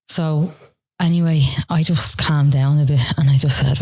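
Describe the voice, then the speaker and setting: An Irish woman telling her own story as a podcast interview guest, emotional and halting, with many "like" and "you know" fillers. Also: low-pitched, steady tone, dark tone, breathy edge.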